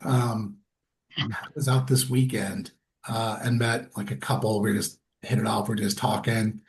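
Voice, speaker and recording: A middle-aged man, a guest sharing personal stories, talks candidly and self-deprecatingly in a casual conversation, acting out what people said in their voices. His voice is fairly low and darkish in tone, with little pitch movement and a measured pace.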